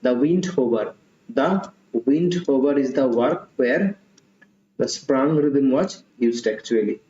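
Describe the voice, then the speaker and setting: An English literature tutor leads an online exam-prep class, repeating the questions and answer options and adding asides in Hindi. His voice is mid-range and dark in tone, and he speaks at a slow pace. The recording is dull, roomy and lo-fi.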